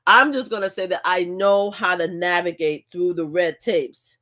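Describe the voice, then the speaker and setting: An older woman runs her own live stream, chatting casually in a lowish, sharp voice at normal speed with fairly even intonation. She's blunt and outspoken yet animated, repeating words and laughing often.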